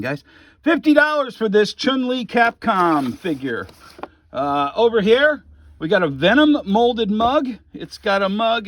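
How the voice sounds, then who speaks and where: A man's voice: sits high, a bit bright. A man running a comic shop, casually walking through his merchandise and reading off prices with offhand jokes and asides. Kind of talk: casual store walkthrough video.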